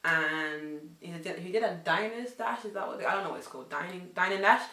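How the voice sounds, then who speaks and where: A young woman telling a casual story, swinging between loud outbursts and hushed asides. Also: lowish voice, a little fast. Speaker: vlogger. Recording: echoey room.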